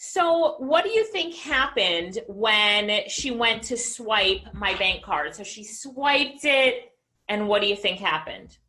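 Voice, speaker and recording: A middle-aged woman business coach giving an energetic motivational talk to an online audience, often asking listeners questions. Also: medium pitch, slow.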